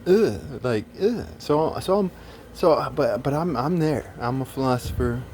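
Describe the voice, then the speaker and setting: Male storyteller, soft mellow voice, profane and exasperated, restarts his sentences often. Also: mid-range voice, animated, a little slow, slight background noise. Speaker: self-described philosopher telling a story. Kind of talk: casual storytelling monologue.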